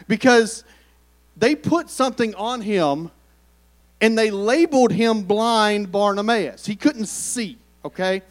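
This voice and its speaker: A man's voice: high-pitched, big pitch swings, unhurried. A man preaching a sermon in church in a conversational way, calling on the congregation to respond.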